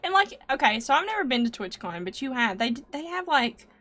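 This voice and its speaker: A woman's voice: sits high, sing-song, brisk, bright, forceful tone. A woman co-hosting a casual stream show, teasing her co-host and laughing often. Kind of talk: casual chat.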